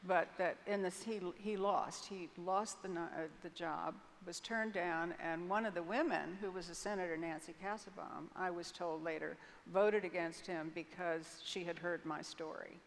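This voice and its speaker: With a fairly low pitch, a steady tone, and a moderate pace with hardly any pauses, an older woman candidly relates a personal story as an interview guest on a large conference stage. She's frank and vivid, restarting hesitantly now and then, with long hall reverb and faint noise in the recording.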